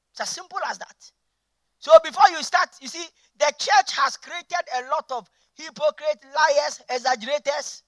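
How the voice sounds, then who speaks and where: A man's voice: extremely high pitch, a bit bright, no echo. A man preaching as senior pastor. He drives home his points by repeating phrases, asking rhetorical questions and speaking bluntly. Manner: emphatic, repeats key phrases for emphasis. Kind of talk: sermon.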